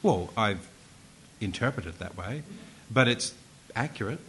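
A man's voice: lowish voice, expressive, measured pace, a bit bright, a little hiss or hum, poor audio. A man preaching a sermon, emphatic and conversational, with asides and self-corrections.

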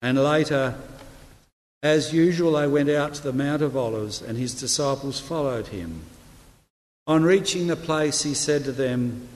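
Preacher, New man, unhurried measured sermon delivery, long church-hall reverb. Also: on the high side. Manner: slow, measured reading with quiet, soft delivery of quoted words. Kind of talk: sermon with scripture reading.

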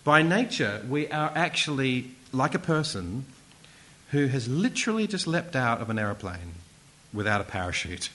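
A man preaches a sermon in a lively, animated way, his voice rising and falling widely. He presses hard on the key points and slips in casual asides and self-corrections. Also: mid-range voice, poor audio.

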